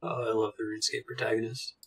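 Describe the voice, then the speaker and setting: A man's voice: fairly low pitch, level tone, fast, slightly rough, far from the mic. A man giving casual let's-play commentary, reading game dialogue aloud and joking. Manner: reads game dialogue aloud, jokes and laughs. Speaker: gaming video creator.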